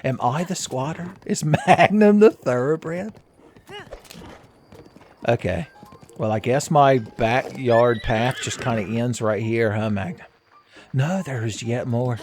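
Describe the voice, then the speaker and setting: A man's voice: medium pitch, slow pace, pauses often, darkish tone, slight background noise. A man hosting a let's play, rambling through casual game commentary with jokey, crude humor.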